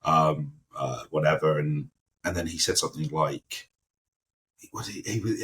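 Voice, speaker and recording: A man from London, an actor guest, telling a casual anecdote with animated storytelling and lively quoted impressions. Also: rumbling low, moderate pace, pauses often.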